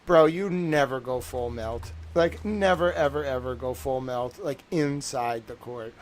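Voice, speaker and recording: A man with a Boston accent hosts a casual livestream about a court case. He talks in an animated, slangy way and circles back to the same joke again and again. His voice sits at an ordinary middle pitch. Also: a little slow, slight background noise. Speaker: livestream host. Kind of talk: casual trial commentary.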